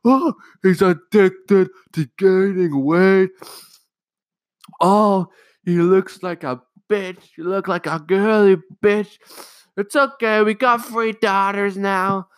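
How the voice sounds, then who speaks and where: A man putting on his shrill, scolding middle-aged mother, shrieking and exaggerated. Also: steady tone, slow, dry recording, studio quality.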